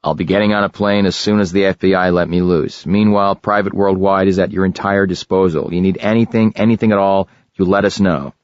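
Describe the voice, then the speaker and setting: A man voicing a tough American agency boss with a smooth West Coast accent, talking tight and serious on the phone. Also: deep voice, steady tone, fairly quick, hardly any pauses, no room sound, natural voice. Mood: urgent. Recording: dry, slightly dull audiobook recording.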